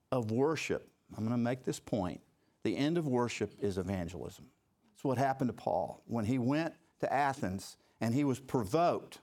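A man's voice: mid-range voice, darkish tone. A man leads a church study group in a mid-range voice. He talks loosely and conversationally, full of ums and false starts as he works his thoughts out. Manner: conversational, with many fillers and restarts. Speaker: Bible study leader. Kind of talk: leading a group discussion.

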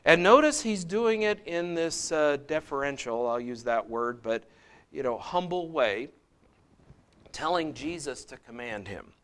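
A man's voice: fairly high pitch, animated, unhurried, a bit bright, smooth. A middle-aged man leading a Bible study, talking conversationally with asides and restarts, and lifting his voice when he reads scripture aloud.

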